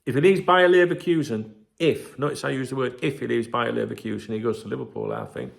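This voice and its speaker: A man's voice: mid-range voice, fast, creaky. A man hosting a football fan channel, talking in a rambling, casual way with plenty of swearing and fillers. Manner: rambling, swears freely, many fillers and asides. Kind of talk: casual solo commentary.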